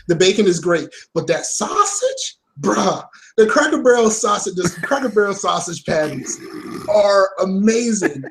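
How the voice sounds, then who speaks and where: High-voiced slangy podcast co-host. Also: male voice, measured pace. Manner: animated, slangy, gets worked up ranting. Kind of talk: casual podcast chat.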